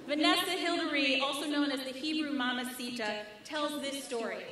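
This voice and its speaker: A woman rabbi preaches a rhythmic sermon laced with wry humor. Her voice is high and bright. It rings through a very echoey sanctuary, picked up from some distance away. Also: moderate pace, slight background noise. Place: large synagogue sanctuary.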